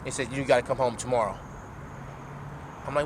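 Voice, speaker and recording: A young man recounting a personal story in slangy, heartfelt casual talk, halting and repeating himself. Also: mid-range voice, fairly even intonation. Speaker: podcast guest. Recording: noisy traffic in background.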